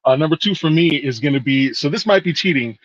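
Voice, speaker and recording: Male podcast co-host, slightly high, loose and rambling, dry close sound. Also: expressive, fast, no echo, highs cut off. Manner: rambling, hesitant, swears casually. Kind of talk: casual chat.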